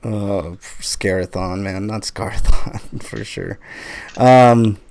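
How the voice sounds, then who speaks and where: A man's voice: on the low side, takes it slowly, vocal fry, darkish tone, a little hiss or hum. A man hosting a live podcast in casual chat, joking and swearing, with lots of fillers. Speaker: podcast host.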